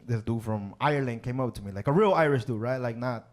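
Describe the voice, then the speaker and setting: A man's voice: medium pitch, fast talker. A male stand-up comedian from Chicago, telling stories on a club stage and tagging his lines with "right?" and "man". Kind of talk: stand-up set.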